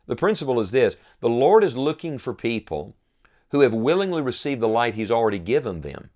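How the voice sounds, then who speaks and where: A man preaching a sermon, earnest and emphatic, reading scripture aloud and slowing down to stress key lines. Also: mid-range voice, very animated, a little mellow. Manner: earnest, emphatic, quotes scripture in old wording; slows for emphasis, rising repeated phrases.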